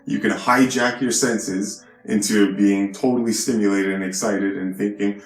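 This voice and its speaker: A man with a low voice lectures emphatically in his vlog, often tagging "right?" onto his points. He talks from a hotel room with a roomy echo and faint music behind him. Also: level tone, unhurried. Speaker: video host. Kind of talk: preachy vlog monologue.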